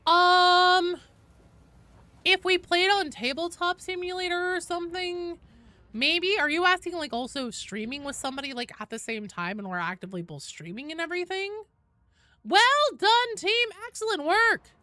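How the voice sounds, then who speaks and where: A woman's voice: very high-pitched, normal speed, sharp tone, no room sound. A woman game streamer chatting casually with her viewers while playing, swearing freely and greeting people in chat. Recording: game music playing behind the voice.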